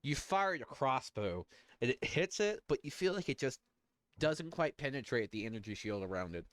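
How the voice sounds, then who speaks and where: Male game master, quick and animated, lower voice, close dry mic. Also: no room sound. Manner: quick, lively rulings and narration. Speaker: dungeon master. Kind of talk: running a tabletop game over voice chat.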